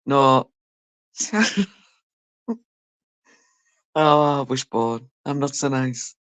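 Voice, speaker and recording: A woman on a live stream, talking slowly and easily as she reads out chat comments. She teases and jokes with viewers, laughing often and swearing freely. Her voice sounds close and dry, with no room sound around it. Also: extremely low pitch, steady tone, clean tone, no echo. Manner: teasing banter, frequent laughter and swearing. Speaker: livestreamer reading chat. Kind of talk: casual chat with a live audience.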